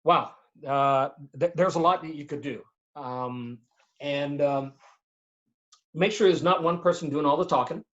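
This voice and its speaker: A man speaking as a guest on a video-call webinar, giving practical tips in an animated way, acting out examples as he goes. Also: on the high side, unhurried, muffled recording. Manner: animated, demonstrates tones and voices while explaining. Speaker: guest speaker on presentation skills. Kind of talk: webinar interview answers.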